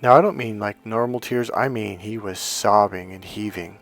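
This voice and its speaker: Speaking at normal speed in a voice on the low side, a middle-aged dating coach shares a personal story with soft music in the background. He's earnest and emphatic, at times acting out what other people said.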